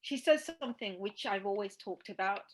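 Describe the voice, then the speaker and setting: A woman's voice: mid-range voice, brisk, a little hiss or hum, rough recording. A woman hosting a casual podcast discussion, speaking emphatically with many fillers. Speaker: podcast host.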